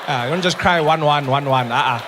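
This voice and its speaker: A man performing stand-up on a stage mic, his voice sitting a little higher than most men's. He tells stories with animated energy and slips into other people's voices as he goes. A faint room hum lies under his words. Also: brisk, crowd noise. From South Africa. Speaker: stand-up comedian. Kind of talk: stand-up comedy set. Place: theater stage before a live audience.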